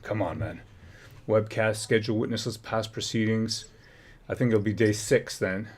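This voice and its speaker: A man's voice: fairly low pitch, moderate pace, darkish tone, breathy edge. A man hosting a political livestream, chatting and reading documents aloud. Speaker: livestream host. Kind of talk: casual livestream commentary.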